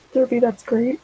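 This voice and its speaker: A woman's voice: fairly high pitch, a little mellow, husky, low-quality recording. A teenage girl chatting casually while she draws, rambling with many fillers and side tracks. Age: teens. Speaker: vlogger.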